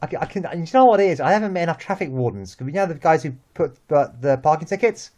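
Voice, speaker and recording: A young man with a London accent, chatting about football as host, lively and full of restarts and repeated words. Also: a little high, quick pace. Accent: London English. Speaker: vlog host. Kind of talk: casual football chat.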